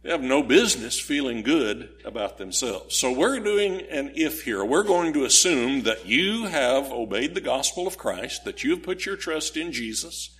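A male preacher delivering a sermon in an earnest, explanatory manner. He walks his listeners through scripture step by step and poses rhetorical questions along the way. His voice sits at an ordinary middle pitch. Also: very animated, normal speed, few pauses, a bit bright.

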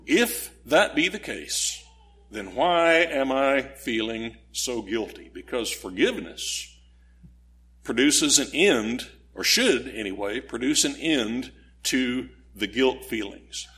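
A man's voice: medium pitch, animated, slow, a bit bright. A man preaching a sermon, explaining scripture in an earnest, teaching way and posing rhetorical questions to his listeners.

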